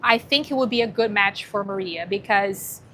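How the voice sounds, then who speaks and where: A woman hosting a casual livestream who talks warmly to her viewers and gets teary, cooing now and then to a dog beside her. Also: mid-range voice, normal speed, a little hiss or hum. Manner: chatty and emotional, thanking viewers, cooing to a dog. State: teary, crying. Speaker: livestream host promoting dog rescue.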